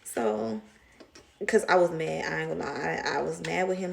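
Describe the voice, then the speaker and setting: Chatty woman with a gravelly edge. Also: fairly low pitch, moderate pace, background noise. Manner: chatty, animated retelling, mimics voices in quotes. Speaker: vlogger. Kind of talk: casual storytime chat.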